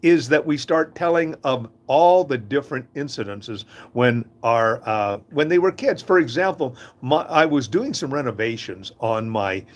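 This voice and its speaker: An older man from Canada telling warm family anecdotes in a casual, chuckling monologue. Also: mid-range voice, a little slow, hardly any pauses. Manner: chuckling, folksy, lively storyteller. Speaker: host of a short inspirational talk.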